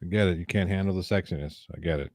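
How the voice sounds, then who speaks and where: A man's voice: low-pitched, very fast, darkish tone, no echo. A man joining a stream as a guest, joking and teasing in casual banter. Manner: teasing, laughing.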